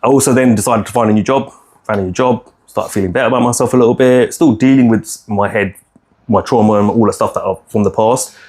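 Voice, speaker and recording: Frank, low-voiced man telling his story. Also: quick pace, a little mellow. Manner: frank, rambling, swears freely, many restarts. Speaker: podcast co-host. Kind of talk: candid personal storytelling.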